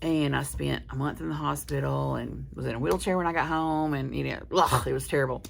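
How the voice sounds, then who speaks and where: Low, gravelly woman vlogging. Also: fairly quick. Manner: meandering, candid storytelling with many restarts. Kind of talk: casual chat to camera.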